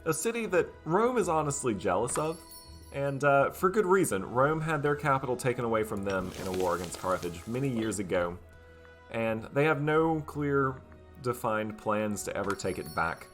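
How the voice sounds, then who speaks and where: A man's voice: mid-range voice, very animated, normal speed. A man commentating his strategy game in character, musing and playfully boastful, with frequent hesitant fillers. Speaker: gameplay commentator. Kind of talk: let's play commentary in role. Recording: faint music behind voice.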